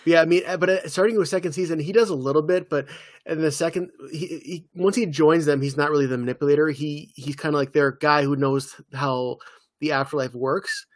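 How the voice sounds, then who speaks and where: A man co-hosting a casual podcast chat about TV shows, animated and loose. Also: on the high side, fairly quick, no room sound, studio quality. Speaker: podcast co-host.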